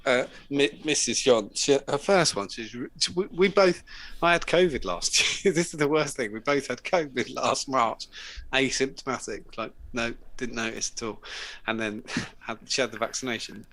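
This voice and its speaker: A man's voice: mid-range voice, normal speed, a bit bright. Sweary man in his late thirties. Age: late 30s. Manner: sweary, chatty, laughs often. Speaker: host. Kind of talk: casual live chat show.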